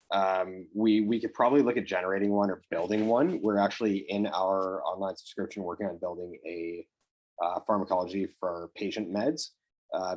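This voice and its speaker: A male co-host cutting in to pass along questions from the chat during a video-call webinar. He talks casually, with fillers along the way. His voice is quite low. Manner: quick, informal, with "uh" and "um" fillers.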